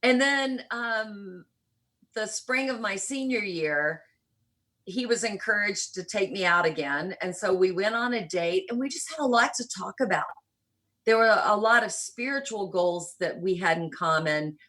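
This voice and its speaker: A woman's voice: mid-range voice, low-quality recording. Woman with a faint Southern lilt. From rural Kentucky, USA. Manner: animated storyteller, shifts between quick and slow, deliberate phrasing. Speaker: guest, church planter. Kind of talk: conversational interview storytelling.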